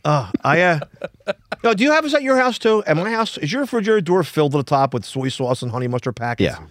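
A man's voice: a little high, very animated, fast, a bit bright, no echo, clean studio sound. A man on a podcast, telling rambling anecdotes in casual chat, with frequent restarts. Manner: rambling, restarts, laughs often.

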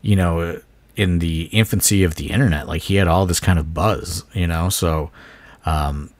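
A man's voice: low-pitched, normal speed, dry recording. A man co-hosting a casual podcast, rambling and leaning on filler phrases like "you know" and "like". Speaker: wrestling promoter and podcast co-host.

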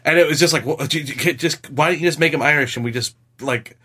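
A man co-hosting a podcast, joking in an animated, self-deprecating way. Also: a little high, fast, husky. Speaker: podcast co-host. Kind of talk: casual podcast discussion.

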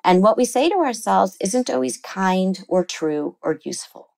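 A middle-aged woman therapist explaining things earnestly in an interview, lively when she quotes people. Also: medium pitch, moderate pace, poor audio. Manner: earnest, explanatory, animated when quoting others. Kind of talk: interview conversation.

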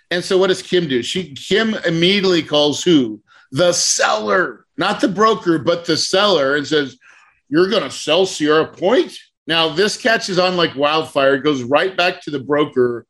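A man coaching a class on real estate deals, telling a story with lively acted-out quotes. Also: on the high side, normal speed. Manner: animated storyteller, acts out quotes.

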